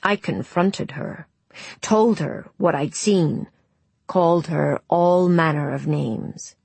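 A woman voicing a gruff elderly village man who talks bluntly and slowly around his pipe. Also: sits low, darkish tone, no room sound, full character voice. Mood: bitter. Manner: blunt, clipped, grumbling.

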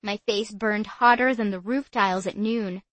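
A woman narrating a children's story in the first person, in an even, lightly expressive storytelling way. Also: mid-range voice, normal speed, dry recording. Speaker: audiobook narrator.

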